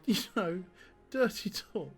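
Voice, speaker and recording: A man's voice: sits high, lively intonation, slow pace, breathy edge, soft background music. A man streaming a text adventure game, reading the options aloud and laughing often.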